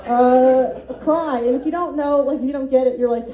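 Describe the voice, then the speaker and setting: A woman's voice: sits high, fairly even intonation, normal speed, mellow, echoey room, dull audio. A woman doing a rambling, self-deprecating stand-up set at a student showcase, full of ums and little laughs, as the class's comedy teacher.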